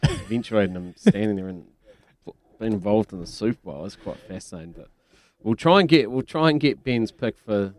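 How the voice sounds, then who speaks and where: A man's voice: on the low side, a little fast, darkish tone. A man hosting a sports radio show, chatty and teasing, laughing often. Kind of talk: casual radio chat.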